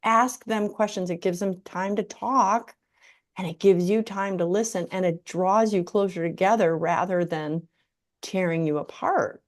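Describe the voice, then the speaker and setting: A woman's voice: medium pitch, a little slow. Enthusiastic woman hosting a casual chat. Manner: enthusiastic, chatty, affirming. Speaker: podcast host.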